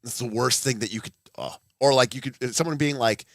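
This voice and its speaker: A man's voice: mid-range voice, a little fast, a bit bright, no room sound, studio quality. A man in his thirties hosting a casual livestream, rambling with blunt, profane asides and frequent restarts. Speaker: livestream host.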